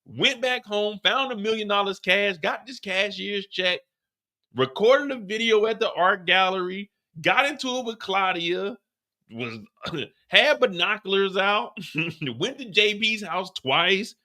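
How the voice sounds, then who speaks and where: A man casually recapping a TV episode, animated and profane, acting out the characters' lines as he goes. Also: high-pitched, a little slow. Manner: animated, profane storytelling with acted-out quotes. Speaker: show recap host.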